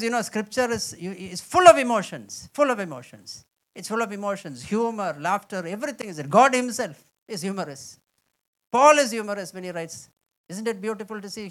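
A man preaching a sermon, reading scripture with slow, heavy stress and mixing quiet asides with loud exclamations. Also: sits high. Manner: emphatic, reads scripture aloud with slow dramatic stress.

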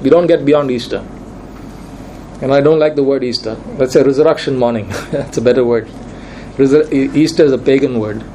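A man's voice: medium pitch, a little fast, dark tone, slight background noise, rough recording. A man preaching a Sunday sermon in church, repeating key lines for emphasis. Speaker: pastor.

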